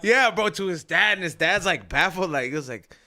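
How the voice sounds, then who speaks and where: A man on a casual podcast telling a long, animated story, full of slang and laughter. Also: high voice, brisk.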